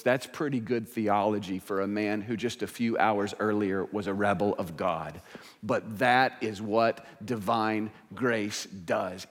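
A male pastor delivering a sermon in a church, earnest and swinging between emphatic and hushed. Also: fairly high pitch. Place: church sanctuary. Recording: church hall reverb.

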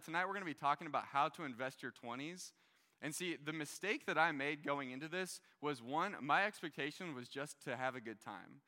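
Young male preacher, casual and animated, bright tone, long hall reverb. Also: a little high. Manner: casual, animated storytelling with many fillers. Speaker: young adult pastor. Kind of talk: sermon storytelling. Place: large hall with a stage.

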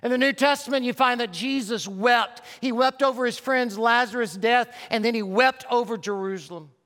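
Male preacher, high voice, bright tone, impassioned sermon, reverberant auditorium. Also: moderate pace. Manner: impassioned storytelling, dropping soft and low for the altar call. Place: church auditorium.

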